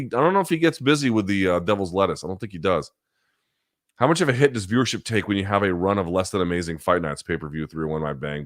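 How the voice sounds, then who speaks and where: A man's voice: low-pitched, a bit bright, no room sound, clean studio sound. A man in his forties hosting a live chat show, reading out viewer questions and answering bluntly, with casual profanity and a habit of thinking aloud. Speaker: host.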